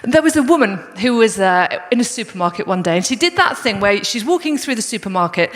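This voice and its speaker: A woman's voice: a little high, very animated, quick pace. A woman preaching a sermon in a conversational, storytelling way. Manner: conversational, storytelling, addresses the congregation as guys. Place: large church hall. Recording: long reverb of a church hall.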